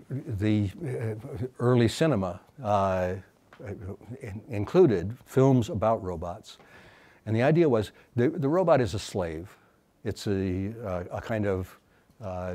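In his academic lecture, a male professor has a lowish voice with a darkish tone. His delivery is thoughtful yet halting, packed with fillers and restarts.

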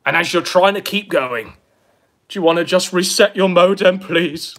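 A man's voice: high voice, normal speed, fairly bright tone. A man giving crude, profane, mocking commentary on clips, sneering and taunting. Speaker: online commentator.

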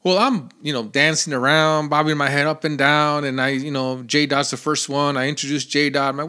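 A man hosting his own podcast, telling a story in a chatty, animated way with lots of fillers. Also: fairly high pitch, fairly quick, hardly any pauses, clean tone. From Phoenix, Arizona area. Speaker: podcast host. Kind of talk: casual solo podcast storytelling.

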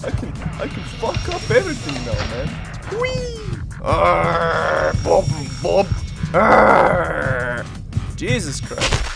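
Goofy, swearing male gamer, lively pitch. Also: poor audio. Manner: taunting the character, swearing, sudden yelps. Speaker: gaming video host. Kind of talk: profane, goofy let's-play commentary.

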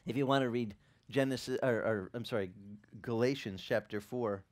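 A middle-aged man preaching a sermon as pastor, telling the story with animated acted-out quotes and laughter. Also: medium pitch, normal speed.

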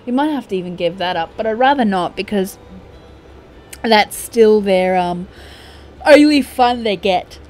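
A woman's voice: mid-range voice, expressive, unhurried, pauses often, a little mellow, faint music behind. A young woman, chatting casually as she plays a life-simulation game and playfully scolding her characters. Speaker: gaming YouTuber. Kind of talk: casual gameplay commentary.

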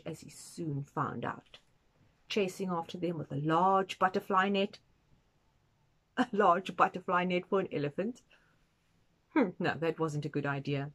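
A woman reading a children's picture book aloud, expressive and adding asides for young listeners. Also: fairly low pitch. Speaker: storytime reader.

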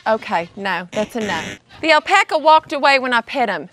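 Woman, kids' show host, high voice, silly and chatty, faint background noise. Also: very animated, normal speed, fairly bright tone. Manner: goofy, chatty, talks to the animals. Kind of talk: playful educational kids' vlog. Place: outdoor animal sanctuary.

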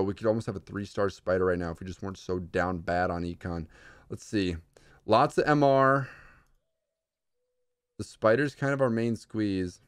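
Young man, streamer, live gameplay commentary, excitable, mutters then shouts, very animated intonation, slow-paced. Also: fairly low pitch, smooth, no echo, studio quality.

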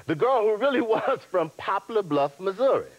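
A man's voice: high-pitched, very animated, moderate pace, muffled recording. A man hosting a reunion special, presenting in a polished, playful way. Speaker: host.

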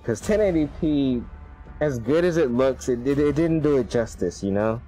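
A man's voice: mid-range voice, moderate pace, rough recording. Hyped guy reacting to a game reveal on stream, voice jumping all over, faint music behind. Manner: excitable, chatty, laughs often. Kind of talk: live reaction commentary.

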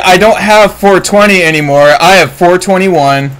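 A man giving live commentary while streaming a game, excitable and prone to swearing and sudden shouts. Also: high voice, normal speed, rough recording.

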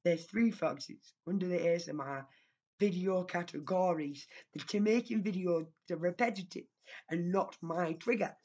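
A woman's voice: on the low side, normal speed, dark tone, highs cut off. A woman YouTuber talking straight to camera in a rambling, scolding vlog rant, recorded at home on her own microphone.

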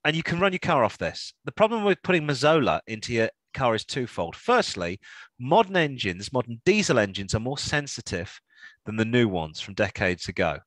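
A man co-hosting a chatty car podcast, his pitch bouncing up and down as he jokes and rambles. His tone is bright and forward. The sound is dry and close. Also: sing-song, normal speed, no room sound. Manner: chatty, jokey, rambling with restarts. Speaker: podcast co-host. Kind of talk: casual chat.

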